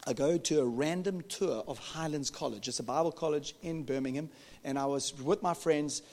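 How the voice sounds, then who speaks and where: Male pastor, slightly high voice, animated storytelling sermon, echoing hall. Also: normal speed. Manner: animated storytelling, jokes with the congregation. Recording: reverberant hall.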